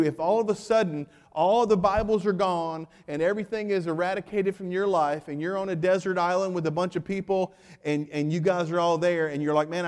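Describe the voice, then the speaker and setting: A man preaching in a church sanctuary, his voice sitting a touch high for a man. He swings between animated emphasis and hushed, drawn-out points, joking with the congregation as he goes. A long reverb trails behind his words in the large hall. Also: smooth. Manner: jokes with the congregation. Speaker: pastor. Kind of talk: sermon.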